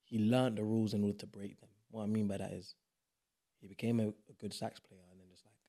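A man's voice: on the low side, quick pace. A young man from South East London with a London accent, a podcast guest chatting casually and emphatically. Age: young adult. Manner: animated, emphatic, slangy. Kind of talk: casual chat.

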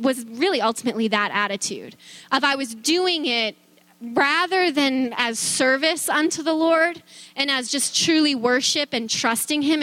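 A woman's voice: high voice, pushed and bright, dry recording. A middle-aged woman telling a personal faith testimony in a chatty way, with many fillers, restarts and easy laughter. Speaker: speaker sharing a faith testimony.

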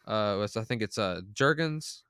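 A man's voice: lowish voice, lively intonation, moderate pace, a bit bright, clear, resonant tone, dry recording, studio quality. A man co-hosting a podcast, chatting enthusiastically and rambling with restarts. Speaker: podcast co-host. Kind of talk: casual podcast chat.

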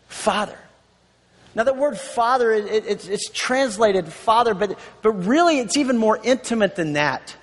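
High-voiced pastor preaching in a reverberant hall. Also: male voice. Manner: conversational, repeats key words for emphasis, chuckles often. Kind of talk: sermon. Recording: long reverb of a large hall.

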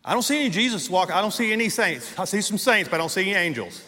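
Middle-aged male pastor, high voice, emphatic sermon delivery, big church reverb. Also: sing-song. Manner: emphatic preaching, drawn-out stressed words, rising to shouts. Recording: long hall reverb in a church.

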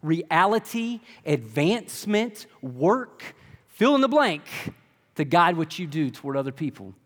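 A man's voice: on the high side, sing-song, unhurried. A man preaching a sermon in a conversational style, full of rhetorical questions. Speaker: pastor. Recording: long reverb of a large hall.

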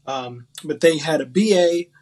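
A man in his thirties, from West Virginia, chats as an interview guest. His voice sits a bit high for a man, and he tells his stories in a loose, self-mocking way, full of ums and restarts. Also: a little slow, darkish tone. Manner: chatty, self-mocking storyteller with frequent fillers. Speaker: podcast guest, actor. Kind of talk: casual interview chat.

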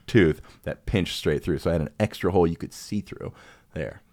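Deep-voiced man telling a story casually. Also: moderate pace. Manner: animated, laughs often, mimics people in his story.

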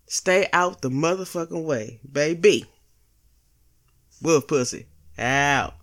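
A woman's voice: deep voice, expressive, slow pace, long pauses. A woman hosting a casual solo podcast, blunt and profane, joking with slang and laughing at her own lines. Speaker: podcast host.

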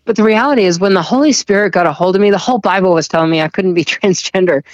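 A woman giving an earnest, halting personal testimony in conversation, often repeating words and laughing softly. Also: medium pitch, no echo, lo-fi sound. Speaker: guest sharing a testimony.

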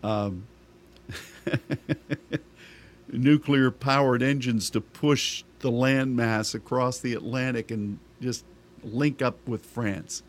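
A man's voice: medium pitch, steady tone, slow pace, pauses often. A middle-aged male pastor preaching a sermon in a conversational style, asking rhetorical questions of the congregation.

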